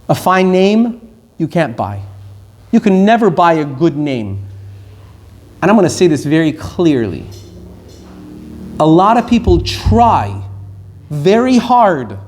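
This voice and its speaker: A middle-aged man from Iran giving a Torah lecture as a rabbi, stressing key words slowly and rushing through asides. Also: sits high, darkish tone.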